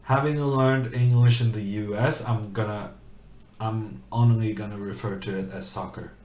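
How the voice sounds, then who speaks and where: A man's voice: fairly low pitch, fairly even intonation, normal speed, a little mellow, roomy sound. A man streaming chess, chatting in a rambling way and reading viewers' questions aloud. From Norway. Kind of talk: casual commentary while playing chess.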